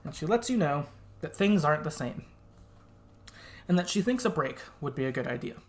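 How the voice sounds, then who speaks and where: A man's voice: on the high side, very animated, brisk. A man co-hosting a podcast, chatting casually and laughing often as he recaps a game and acts out its quoted lines. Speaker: podcast co-host.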